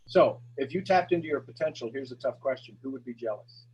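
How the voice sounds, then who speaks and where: A man hosting a coaching call, talking in an energetic, encouraging way. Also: medium pitch, brisk, highs cut off, slight background noise. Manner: energetic, encouraging, talks to the audience directly. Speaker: coaching show host.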